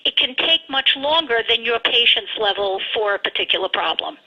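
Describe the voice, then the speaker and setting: A woman's voice: on the high side, expressive, moderate pace, pushed and bright. A woman who trains people in phone skills, a guest on a radio interview by phone, giving frank, emphatic advice. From United States. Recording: dull lo-fi phone line.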